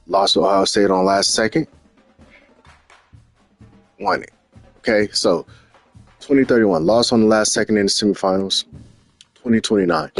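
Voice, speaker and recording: Low-voiced man animatedly recapping his games. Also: creaky. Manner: animated, profane, repeats himself. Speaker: gaming channel host. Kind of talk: casual storytelling recap.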